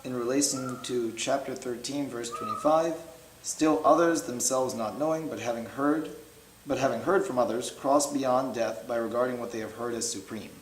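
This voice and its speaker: A man moderating a class, reading out questions from participants in a plain, measured way. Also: mid-range voice. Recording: echoey room with faint noise.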